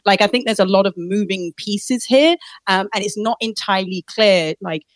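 A woman's voice: medium pitch, moderate pace, dry recording. A woman co-hosting a casual panel discussion, thoughtful, with frequent restarts and fillers.

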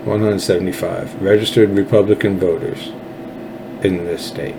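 A man's voice: sits low, little pitch movement, moderate pace, vocal fry, background noise. A Texan man hosting his own show, ranting about politics in an angry, profane, sarcastic way. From Texas. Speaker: political commentary host. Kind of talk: ranting solo commentary.

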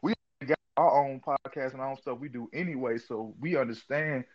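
A man hosts a podcast, chatting in a laid-back way full of fillers. His voice is medium in pitch and fairly quick, captured in dull lo-fi audio.

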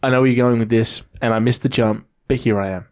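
A man co-hosting a podcast, animated and swearing as he acts out a story in casual chat. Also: medium pitch, quick pace. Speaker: podcast co-host.

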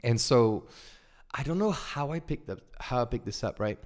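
A man in his twenties with a French accent, a guest chatting casually in an interview, animated and full of fillers and restarts. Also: mid-range voice, moderate pace. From France. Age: 20s. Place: indoors over wine.

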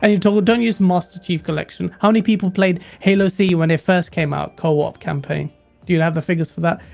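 A man's voice: high-pitched, fairly even intonation, fairly quick, creaky, a little mellow, faint music behind. A man hosts a laid-back gaming live stream. He reads viewer super chats aloud and turns to his guests with questions. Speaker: stream host. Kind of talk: casual live-stream chat.

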